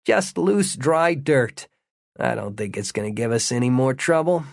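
A man voicing Gary, a calm, analytical companion explaining things matter-of-factly in a storybook. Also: mid-range voice, unhurried, creaky, no echo, clean studio sound.

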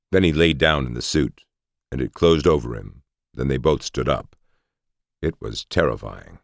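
A man narrating a story aloud in an expressive, lively reading. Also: very deep voice, normal speed, vocal fry, no room sound, clean studio sound. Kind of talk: audiobook narration.

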